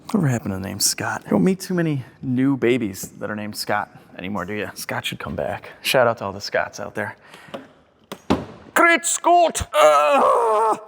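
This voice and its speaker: A young man filming a casual vlog in his garage workshop, chatting excitedly and joking while he works on a car with his tools. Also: on the low side, fairly quick, creaky, hardly any pauses, a little hiss or hum. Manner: chatty, excitable, jokey asides while working. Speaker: car restoration YouTuber.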